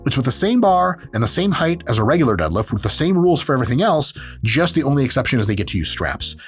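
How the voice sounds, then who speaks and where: A man's voice: mid-range voice, sing-song, fast talker, faint music behind. A man hosting a casual comedic video commentary as an exercise scientist, sarcastic, joking and swearing freely.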